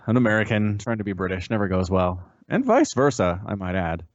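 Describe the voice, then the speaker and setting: A man with a fairly low voice talks casually as a podcast co-host, explaining things at length. His recording sounds muffled and lo-fi, with no room echo at all. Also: very animated, brisk. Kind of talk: casual chat. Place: lives in Utah. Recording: dull lo-fi dry sound.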